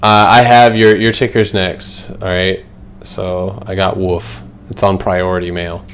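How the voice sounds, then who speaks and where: A man's voice: low voice, flat delivery, unhurried, clean tone. A man hosting a casual trading livestream, going through charts in a loose, filler-heavy way and answering his chat. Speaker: stock trading streamer.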